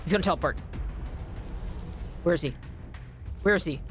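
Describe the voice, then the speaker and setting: A woman streamer chatting casually while playing a game, rambling with many fillers, swearing freely and breaking into sudden excited outbursts. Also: lowish voice, normal speed, faint music behind. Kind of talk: casual live gameplay chat.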